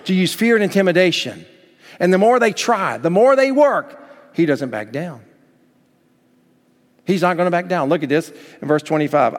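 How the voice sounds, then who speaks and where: A pastor preaching a sermon, acting out scripture dialogue with big swings between loud and quiet. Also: male voice, big-room sound. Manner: animated, acts out Bible dialogue with big swings in pitch and volume.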